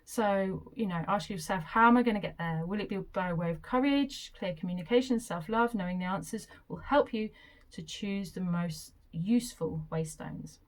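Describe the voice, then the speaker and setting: Brief: young woman, crafty vlogger, mid-pitched, eager and chatty with gushing asides. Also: moderate pace. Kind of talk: casual explainer talk.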